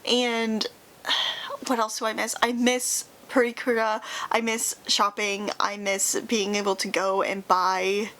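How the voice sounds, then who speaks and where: A woman's voice: medium pitch, little pitch movement, slow pace, bright, forceful tone. A young woman talking casually to her viewers, rambling through lots of fillers and restarts and sounding wistful and nostalgic, close to tears at times. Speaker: YouTuber. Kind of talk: casual chat.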